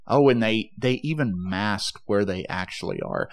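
A man's voice: lowish voice, moderate pace, hardly any pauses. Easygoing guy in casual chat. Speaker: podcast co-host.

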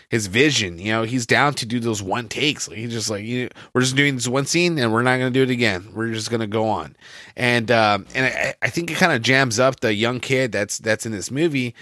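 A man's voice: medium pitch, sharp tone, no room sound, studio quality. A man co-hosting a podcast, reviewing a film in loose, rambling casual chat full of restarts.

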